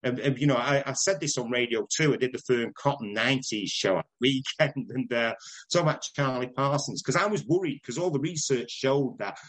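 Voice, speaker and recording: An older man with a Manchester accent, telling stories in a casual interview, chatty and quick to laugh. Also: medium pitch, a bit bright, poor audio. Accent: Northern English, Manchester. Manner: chatty anecdotal, laughs often, does voices in stories. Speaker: interviewee, broadcaster.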